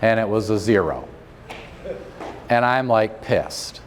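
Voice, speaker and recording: A middle-aged man, a chiropractor, telling a story at a convention seminar in a joking, self-deprecating, animated way. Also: on the low side, slow pace, slight background noise. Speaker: chiropractor giving a seminar talk. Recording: long reverb of a large hall.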